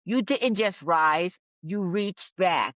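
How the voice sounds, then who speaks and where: A woman's voice: lowish voice, animated, slow, fairly bright tone, no echo. A woman podcast guest who is a speaker and author. She reads a letter to her younger self earnestly, then chats candidly. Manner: earnest and affirming when reading, chatty and candid when talking. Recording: dull lo-fi audio.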